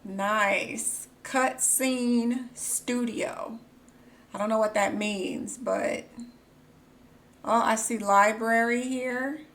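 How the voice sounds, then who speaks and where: A young woman streaming live, with a higher-pitched voice that has a gravelly fry running through it. She talks in an unhurried way, bursts into gasps and squeals, and then drops to muttering to herself. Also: fairly even intonation, a bit bright. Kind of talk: excited live-stream chat.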